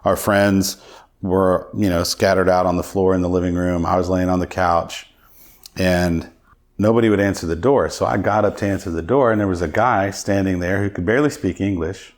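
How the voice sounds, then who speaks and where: A man's voice: low-pitched, fairly even intonation, moderate pace. A middle-aged man, a podcast guest, telling his personal testimony in an earnest, reflective way.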